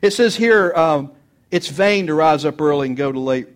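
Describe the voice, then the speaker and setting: A middle-aged pastor preaching a sermon, earnest, swinging between loud urging and soft confiding. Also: male voice, on the high side, animated, normal speed.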